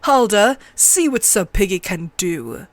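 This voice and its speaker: A woman voicing a cruel, mocking middle-aged male master-at-arms with a sharp, cold voice, in a book reading. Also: mid-range voice, very animated, a little slow, dry recording. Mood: sneering.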